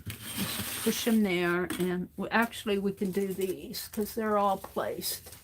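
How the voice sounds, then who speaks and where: An American woman hosts a craft livestream, chatting to herself and her viewers while working with her hands, occasionally drifting away from the mic. Her mid-range voice is steady and slow, and there is background noise.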